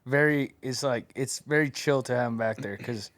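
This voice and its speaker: A man from a martial arts team, talking in a relaxed, rambling podcast chat with many fillers. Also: medium pitch, moderate pace. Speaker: MMA team member.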